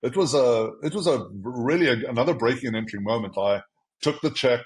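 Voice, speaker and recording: A man's voice: medium pitch, a little fast, rough recording. A man, an agency founder, telling his career story in a casual interview, acting out quotes from other people. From South Africa. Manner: animated, quotes himself and others in dialogue.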